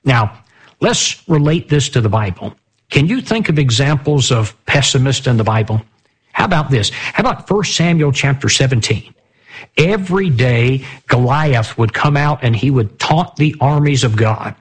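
A man leads a Bible study in a slightly husky voice at a middle pitch. He keeps asking his listeners rhetorical questions and reads scripture aloud in a plain teaching manner. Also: lively intonation, normal speed.

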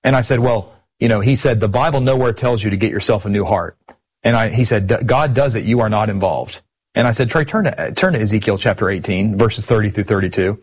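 A man's voice: fairly low pitch, brisk, husky. A man hosting a casual discussion of scripture, retelling past exchanges in a conversational way. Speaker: podcast host.

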